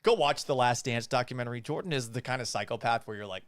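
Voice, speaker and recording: A man in his thirties hosting a casual sports talk show, animated and blunt, often swearing. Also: mid-range voice, fast, few pauses, dry recording, clean studio sound. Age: 30s.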